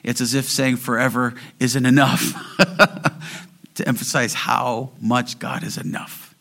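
A man preaching a sermon in an earnest way, slowing down and rising in volume to stress key phrases. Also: mid-range voice, little pitch movement, gravelly, fairly bright tone. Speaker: pastor.

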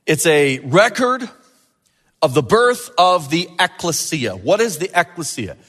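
A man preaching a sermon as pastor, animated and building to emphatic peaks. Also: a little high, unhurried, in a large hall.

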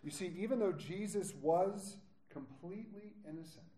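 In a reverberant setting, a high-voiced pastor speaks at normal speed. He begins with a quiet prayer, then preaches ever more intensely, dramatizing the scripture's characters and their words.

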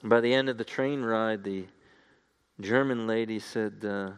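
A man's voice: lowish voice, steady tone, measured pace, clear, resonant tone. A man preaching a sermon, earnest and building to fervent appeals to his listeners.

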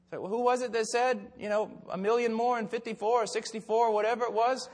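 An older male preacher delivers a sermon in a fervent, impassioned storytelling manner. His voice sits high for a man, and it rings out through a large church hall with a long, lingering reverb. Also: fairly quick, hardly any pauses.

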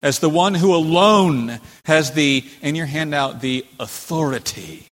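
In a church sanctuary with lots of reverb, a man whose voice is a little high and a bit bright preaches unhurriedly. This pastor is dramatic, acting out quoted speakers with building emphasis.

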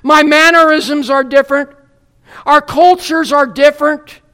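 Preacher from the United States, high voice, slow deliberate delivery, wry humor, sermon. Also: steady tone, pushed and bright. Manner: wry, humorous asides before earnest scripture teaching.

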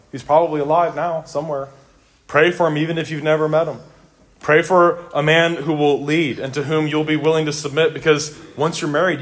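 Earnest preaching man, fairly high voice. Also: a bit bright. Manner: earnest, emphatic preaching with repeated phrases. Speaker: pastor. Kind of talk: sermon. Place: church.

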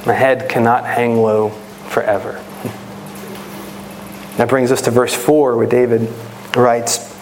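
A man's voice: mid-range voice, little pitch movement, takes it slowly, long pauses, slight background noise. A man preaching a sermon in an earnest, teaching manner, a parent of children. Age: adult with children. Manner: earnest, rises to impassioned prayer voice.

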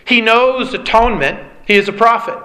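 A man preaching a sermon in an earnest way, dropping low and slow to stress key lines. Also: sharp tone, rough recording.

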